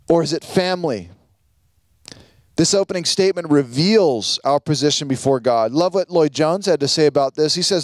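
A man preaching a sermon as pastor, teaching earnestly with quoted prayers and pauses. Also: high-pitched, dry recording.

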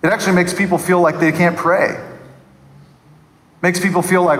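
A man preaching with a high, light voice, talking to the congregation like a friend and slipping into mimicry. The sound carries a long reverb from a large hall. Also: normal speed, pauses often. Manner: animated, mimics people in funny voices. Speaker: pastor. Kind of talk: sermon.

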